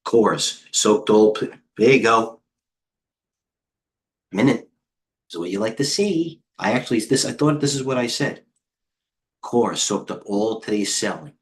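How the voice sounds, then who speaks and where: Man, middle-aged, lowish voice, rambling, excitable, chatty live market talk. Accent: New York. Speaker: trading coach hosting a livestream. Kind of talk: casual live market commentary.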